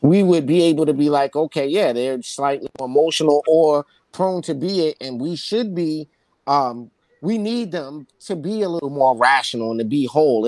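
A man's voice: a little high, darkish tone, no room sound. A man hosting a casual podcast chat, often tagging his points with "right?" and restarting sentences. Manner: peppers talk with "right?" tags, restarts. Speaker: podcast host.

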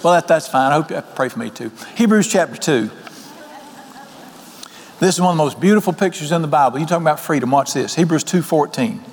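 A man, preaching an evening sermon in a folksy, animated way and asking the congregation questions. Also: on the high side, brisk. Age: 60s. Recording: long hall reverb.

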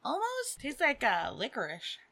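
A woman's voice: high voice, wildly swooping pitch, moderate pace, gravelly, bright, forceful tone. A woman in her thirties co-hosting a podcast, chatting casually and laughing often. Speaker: podcast co-host. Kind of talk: casual chat.

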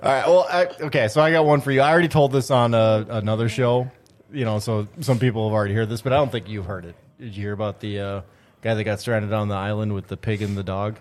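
A man's voice: lowish voice, quick pace. A man with an Upper Midwest American accent, easygoing and dry-humored, chatting casually and telling a joke in a studio. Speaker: studio host.

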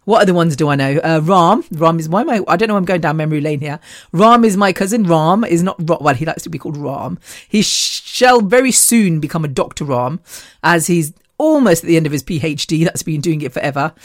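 A woman hosting a podcast, telling rambling personal stories in a chatty, animated way and laughing often. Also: low-pitched, brisk, no echo, clean studio sound. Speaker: podcast host.

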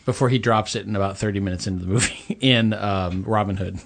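A man's voice: lowish voice, fast, background noise. A man co-hosting a casual movie podcast, opinionated and talkative. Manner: opinionated, animated. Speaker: podcast co-host.

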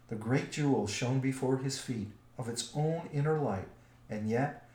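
A man narrating a storybook in a measured, expressive way. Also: medium pitch. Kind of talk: storybook reading. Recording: roomy echo.

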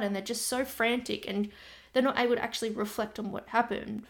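A chatty woman hosting her own podcast as a nutrition coach, talking straight to her listeners in a relaxed, conversational way. She's from Australia and keeps breaking into quick asides that mimic her clients. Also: a little high, gravelly. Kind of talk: casual solo podcast talk.

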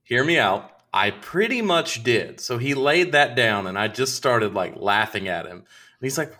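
A young adult man casually telling a profane story, acting out both sides of the conversation with lively quoted voices. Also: mid-range voice, normal speed.

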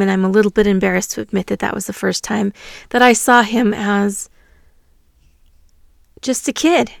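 A woman, a teacher, telling a personal story from her classroom in a reflective, earnest way, pausing often. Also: fairly high pitch, smooth, no echo, studio quality. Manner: reflective, earnest, with pauses and fillers.

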